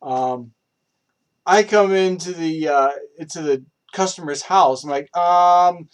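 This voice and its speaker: A man's voice: high voice, measured pace, clear, resonant tone. A young man telling a rambling personal story, with many fillers, restarts and swearing. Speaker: improv storyteller. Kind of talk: casual rambling anecdote.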